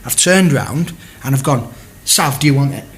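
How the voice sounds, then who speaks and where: A Welsh man, a former footballer, telling an animated, chuckling story in casual podcast talk and acting out both sides of an argument. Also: medium pitch, normal speed.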